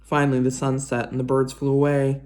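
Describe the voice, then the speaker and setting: A woman reading a children's chapter book aloud in an expressive storytelling voice. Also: extremely low pitch, a little fast, very noisy. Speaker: reader.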